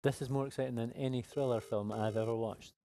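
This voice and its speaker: A man's voice: mid-range voice, fairly even intonation, fast talker, creaky, mellow. A man hosting a live prize draw, chatty, upbeat and jokey. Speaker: giveaway live draw host. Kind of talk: casual live-stream chat.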